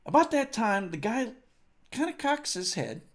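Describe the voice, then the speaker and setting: A man's voice: high-pitched, sing-song, a little slow. A grieving man telling a casual, profane anecdote at a tribute, full of fillers and asides. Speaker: storyteller at a tribute. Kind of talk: rambling spoken anecdote.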